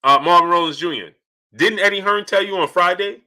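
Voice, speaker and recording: A man hosting a casual live stream, shouting out viewers by name and repeating his points in an animated way. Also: high-pitched, a little fast. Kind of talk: casual live-stream chat reading super chats.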